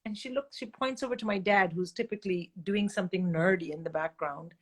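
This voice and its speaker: A middle-aged woman tells candid stories with animated, blunt energy. Her voice sits at an ordinary middle pitch, and she swears freely as she jumps between voices. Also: a little fast. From India. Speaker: guest comedian. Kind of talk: candid storytelling chat.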